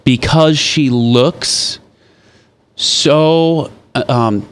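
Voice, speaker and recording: Male guest, mid pitch, casual faith chat, halting but animated in stories. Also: clean tone. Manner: halting, restarts, animated when telling stories.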